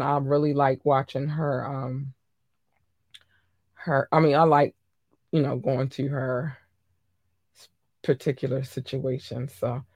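A woman's voice: low voice, dry recording, studio quality. A woman hosting a casual gossip podcast, talking bluntly and animatedly, swearing freely and repeating herself for emphasis. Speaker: podcast host.

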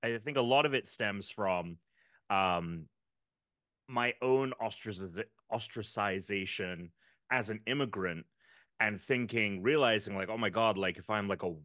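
A British man from England co-hosting a podcast, telling stories in a halting, self-deprecating way with many restarts. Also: on the low side, a bit bright, no room sound. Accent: British English. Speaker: podcast co-host. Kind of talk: casual chat.

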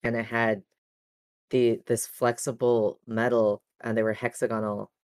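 A woman's voice: a bass voice, flat delivery, a little slow, a little mellow, dry recording. A woman co-hosting a podcast in casual chat, rambling and searching for her words as she explains. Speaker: podcast co-host.

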